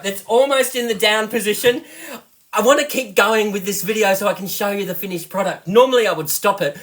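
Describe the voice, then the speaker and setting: Excitable Australian man demonstrating cooking. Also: high voice, slight background noise. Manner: excitable, chatty, giggly. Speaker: host, product seller.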